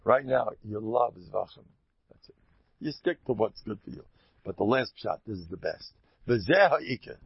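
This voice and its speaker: Gravelly man giving an animated Torah talk. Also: on the low side, moderate pace, no echo. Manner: animated and emphatic, repeats phrases for stress. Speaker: Torah teacher. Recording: dull lo-fi dry recording.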